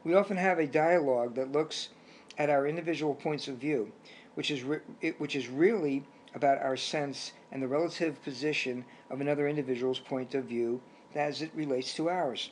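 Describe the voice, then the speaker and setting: A man voicing a wise old male turtle mentor who speaks in a measured, questioning way in a storybook. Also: on the high side, a little hiss or hum, lightly acted. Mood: reflective.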